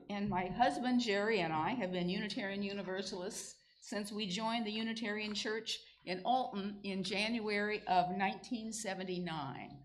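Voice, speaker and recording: A woman's voice: medium pitch, a little hiss or hum, low-quality recording. Older woman leading a church service. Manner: friendly, chatty, lightly informal. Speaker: worship leader. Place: church sanctuary.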